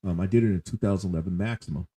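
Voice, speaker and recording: Male podcast host, very low and mellow, easygoing interviewer. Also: rapid-fire, slightly rough. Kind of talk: casual interview chat.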